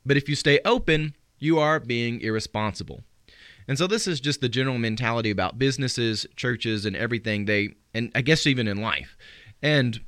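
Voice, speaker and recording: A male pastor giving a live-streamed sermon, answering questions sent in by listeners and reading scripture slowly for emphasis. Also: medium pitch, a bit bright, dry recording. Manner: earnest, reflective, quotes scripture with slowed emphasis.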